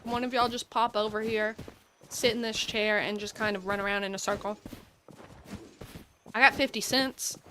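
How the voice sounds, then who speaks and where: A woman's voice: medium pitch, bright, forceful tone, a little hiss or hum. A woman streaming gameplay, chatting casually and rambling through enthusiastic tangents while seated at her gaming setup. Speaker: game streamer.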